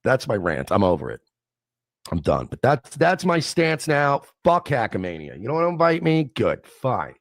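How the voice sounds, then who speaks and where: A man's voice: medium pitch, wildly swooping pitch, normal speed, no room sound, studio quality. A man in a bitter, profane rant about being disrespected, self-important in tone. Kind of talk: ranting stream monologue.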